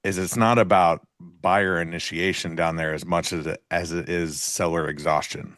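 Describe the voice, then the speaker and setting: A man co-hosting a live trading show, chatting casually and explaining market ideas in a relaxed way. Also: low-pitched, moderate pace, no room sound, studio quality.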